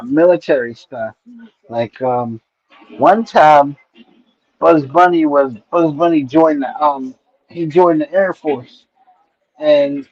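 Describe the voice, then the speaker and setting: A man's voice: on the high side, no echo. Rambling middle-aged man, muffled stream audio. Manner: rambling retelling, frequent "right?" and "you know" check-ins. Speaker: stream host. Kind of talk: casual nostalgic storytelling. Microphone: streaming mic.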